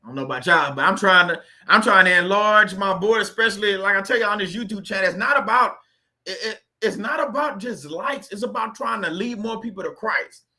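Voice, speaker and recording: Guy preaching to his channel, AAVE, high bright voice, talks to y'all like church. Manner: conversational preacher, repeats phrases, reads scripture slowly. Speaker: YouTube faith channel host. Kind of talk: informal preaching and scripture reading.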